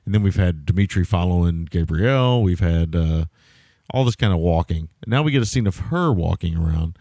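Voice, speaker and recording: A man co-hosting a podcast, retelling a movie scene in a rambling, animated way. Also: low-pitched, brisk, dry recording. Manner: rambling, animated storytelling with swearing. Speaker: podcast co-host. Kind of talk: casual movie review chat.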